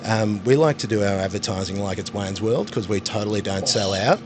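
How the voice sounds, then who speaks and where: A man's voice: lowish voice, fairly quick, noisy background. An Australian man hosting a podcast in casual, joking, self-mocking banter. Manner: jokey, playful, self-mocking.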